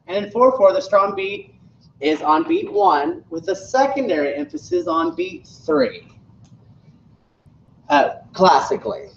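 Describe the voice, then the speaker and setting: A man's voice: high voice, big pitch swings, unhurried. A male music teacher giving a classroom lesson, counting beats aloud and explaining rhythm. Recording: echoey distant classroom recording, dull.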